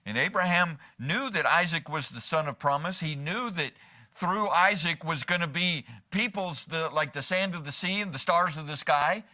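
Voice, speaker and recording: A man's voice: fairly high pitch, moderate pace, pushed and bright. A man as pastor preaching a sermon in church, asking the congregation rhetorical questions and slipping in humor.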